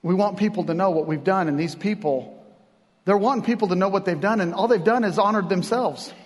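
A man with a notably high voice preaches in a casual, animated way, slipping into voices as he quotes and jokes. His words carry the long reverb of a church hall. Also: a little fast. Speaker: pastor. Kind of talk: sermon.

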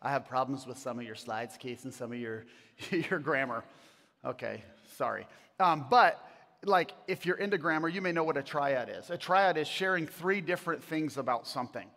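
A man, a pastor, preaching a sermon in a casual, animated way, with jokes and asides to the congregation. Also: mid-range voice, normal speed. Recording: long hall reverb.

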